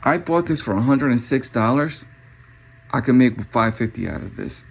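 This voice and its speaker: A man's voice: mid-range voice, expressive, normal speed, gravelly, slightly rough. A young man casually talking through car parts in a show-and-tell vlog, thinking aloud with filler words as he tallies prices. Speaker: car parts reseller vlogger.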